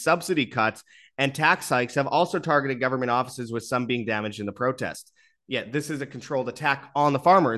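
A man's voice: medium pitch, fairly bright tone. A man hosting an online commentary show, reading out posts and articles and adding his own remarks with frequent fillers. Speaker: commentary channel host. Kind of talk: political commentary over news clips.

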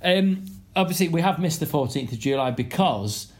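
A man's voice: fairly high pitch, animated, normal speed, reverberant. A middle-aged Englishman co-hosting a podcast, chatting casually and joking with mock French and put-on voices. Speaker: podcast co-host. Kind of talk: casual chat, reading listener suggestions.

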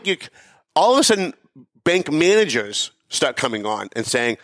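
A man's voice: a little high, big pitch swings, moderate pace, fairly bright tone, dry recording, studio quality. A middle-aged man hosting a talk show, telling a heated story with emphatic swearing and mimicked voices. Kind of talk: animated storytelling rant.

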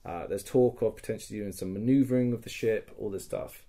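A man's voice: lowish voice, a little fast, warm tone. Rambling, foul-mouthed young man. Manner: loose, rambling, swears often. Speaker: podcast co-host recounting a game. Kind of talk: casual storytelling chat.

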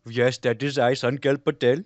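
A man's voice: mid-range voice, flat delivery, normal speed, no echo, close to an everyday voice. A man doing a pompous naive talk show host. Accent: put-on Indian. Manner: formal, stiff phrasing, overly polite. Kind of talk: improvised comedy role-play.

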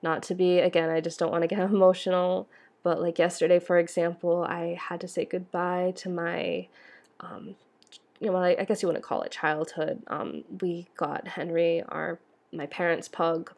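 A woman's voice: lowish voice, level tone, moderate pace, creaky, a little mellow. A young woman hosting an astrology podcast, talking in a rambling, tearful way with lots of fillers and restarts. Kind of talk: emotional podcast monologue.

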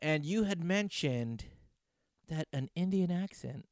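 A man's voice: fairly high pitch, animated, unhurried, no room sound, studio quality. A man hosting a podcast, joking and crude in casual banter. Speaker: podcast host.

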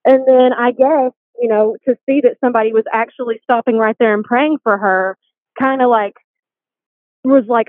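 A woman with a fairly high voice tells her faith story earnestly and with animation. She comes through a dry, tinny phone line. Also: steady tone, normal speed, dry recording. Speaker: guest. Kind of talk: faith testimony chat.

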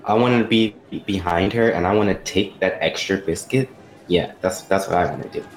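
A man's voice: low voice, moderate pace, roomy sound, a little hiss or hum. A man player in a tabletop game, speaking in a plain, matter-of-fact way. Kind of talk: tabletop role-play.

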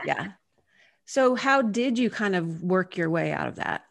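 A woman's voice: lowish voice, lively intonation, a little slow, creaky, dry recording. A woman host asks her guest short questions. She mostly answers with brief affirming sounds. Her voice is recorded dry and close. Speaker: interviewer. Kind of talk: interview listening and questions.

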